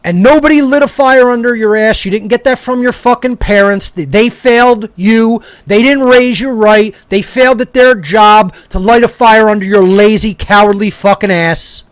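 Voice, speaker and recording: A man's voice: high voice, normal speed, few pauses, no echo. A man delivering an aggressive, profane rant that berates his listeners. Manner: aggressive, berating, swearing constantly. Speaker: speaker. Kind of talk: profane ranting monologue.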